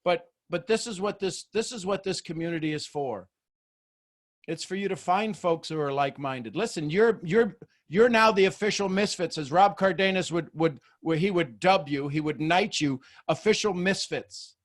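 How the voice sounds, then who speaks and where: A man, hosting a group video call as a mentor, animated and goofy, often repeating words as he talks. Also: high-pitched, moderate pace.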